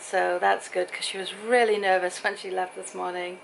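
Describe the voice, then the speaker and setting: Middle-aged woman, home vlogger, chatty and rambling, mid-pitched voice, faint background hiss. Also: level tone, normal speed, gravelly, rough recording. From Britain. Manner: chatty, rambling storyteller acting out quoted voices. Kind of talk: casual chatty vlog.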